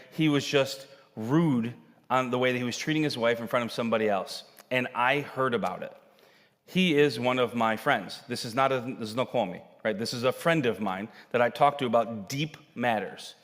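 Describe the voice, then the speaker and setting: A male pastor preaching a sermon, telling Bible stories with animated acted-out dialogue. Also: medium pitch. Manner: animated storytelling, acting out characters' lines. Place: church sanctuary. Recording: long hall reverb.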